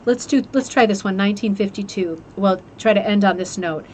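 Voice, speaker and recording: A chatty woman hosts a craft club stream at an ordinary mid pitch, gushing and restarting her sentences as she talks into a webcam. A faint hum of room ambience sits under her voice. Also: brisk. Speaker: host of a rug hooking club livestream. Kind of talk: casual chat, reviewing a book.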